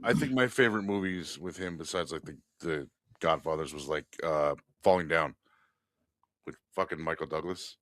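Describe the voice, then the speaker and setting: A man's voice: extremely low pitch, moderate pace, dry recording, studio quality. A man co-hosting a comedy podcast, telling a workplace story in casual chat, swearing freely and laughing at his own punchlines. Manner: profane, animated, laughs while telling stories. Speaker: podcast co-host.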